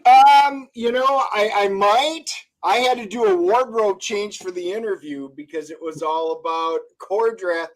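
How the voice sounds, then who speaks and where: A man's voice: high-pitched, unhurried, few pauses, rough recording. A man chatting as a guest on a casual stream, laid-back and rambling, with dry humor. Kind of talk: casual live-stream chat.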